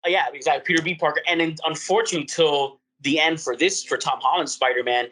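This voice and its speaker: A man co-hosting a podcast, chatting casually about a film with rambling fan excitement. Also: fairly high pitch, fast, rough recording. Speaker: podcast co-host. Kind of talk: casual movie review chat.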